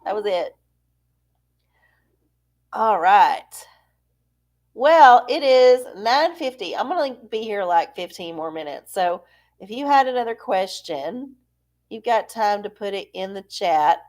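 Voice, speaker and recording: A woman's voice: medium pitch, expressive, takes it slowly, long pauses, a little mellow. A woman hosting a live stream, rambling and self-deprecating in casual chat with her viewers. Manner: rambling, chatty, self-deprecating, frequent laughs. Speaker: livestream host.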